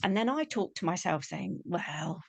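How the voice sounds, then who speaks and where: Woman, low voice, dry close sound, lively storytelling. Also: moderate pace, creaky, dry recording. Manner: animated, acts out the quoted voices. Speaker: spiritual teacher. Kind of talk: personal storytelling.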